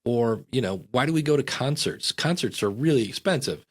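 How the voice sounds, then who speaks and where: A middle-aged man, a podcast guest, chatting casually and telling lively anecdotes in which he acts out the voices of the people in them. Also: mid-range voice, fairly quick, husky. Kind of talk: casual storytelling chat.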